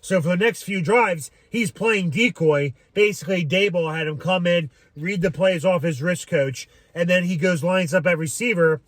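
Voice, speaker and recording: A man's voice: high voice, normal speed, few pauses, dry recording. Dry-sounding rambling fan guy. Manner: rambling, frequent "um", swears freely. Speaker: sports fan commentator. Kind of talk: casual fan reaction vlog.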